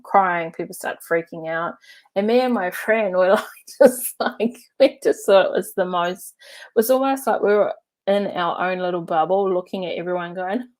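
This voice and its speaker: Chatty lower-voiced woman coach. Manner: chatty and animated, laughs while telling stories; loose, with many fillers like "uh" and "like". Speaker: NLP and hypnotherapy coach. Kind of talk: casual storytelling and teaching to camera.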